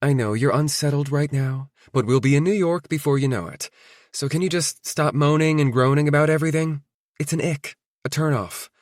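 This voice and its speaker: A sharp-tongued young fiancée, as a man narrator puts her on, blunt and teasing in a slightly raised voice. Dry, close audiobook sound with no room. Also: fairly high pitch, fairly quick, no room sound, voice pushed up, natural voice.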